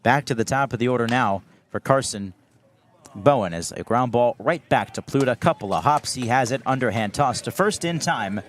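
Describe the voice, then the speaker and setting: A man's voice: medium pitch, moderate pace. Young man calling baseball play-by-play. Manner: steady calls that rise sharply on big plays. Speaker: play-by-play announcer.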